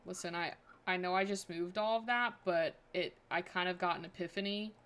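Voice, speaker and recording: A woman's voice: lowish voice, steady tone, a little fast, a bit bright, clean tone. Chatty woman streamer thinking aloud. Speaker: game streamer. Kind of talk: casual livestream chat.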